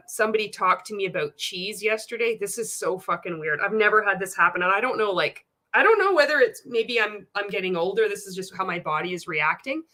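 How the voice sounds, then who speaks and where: Laughing, swearing woman livestreamer. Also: medium pitch. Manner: profane, laughing often, animated and teasing. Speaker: livestream host reading chat comments. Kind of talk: casual livestream commentary.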